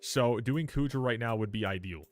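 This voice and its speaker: A young man livestreaming a game, chatting casually with viewers, swearing freely and reacting loudly while reading patch notes aloud. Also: medium pitch, normal speed, faint music behind. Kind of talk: casual live game stream.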